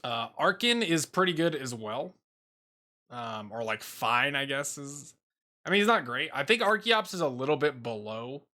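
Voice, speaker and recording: A man's voice: medium pitch, lively intonation, moderate pace, sharp tone. A young man casually ranking game creatures in a rambling, opinionated way, with lots of fillers. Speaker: YouTube host ranking creatures. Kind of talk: casual tier list commentary.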